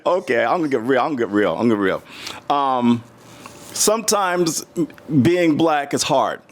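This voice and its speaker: At a moderate pace and medium pitch, a middle-aged American guest recounts stories in a casual interview. He's animated, frequently starts his sentences over, and imitates the people he quotes.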